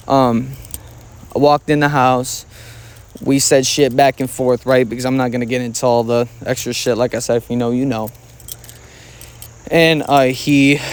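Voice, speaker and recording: A man's voice: medium pitch, clear, resonant tone. A man speaking in a plain mid-range voice, talking casually straight to the listener. He is angry and swears constantly, hitting his words hard for emphasis. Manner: angry, heavily profane, emphatic. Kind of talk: casual storytime monologue.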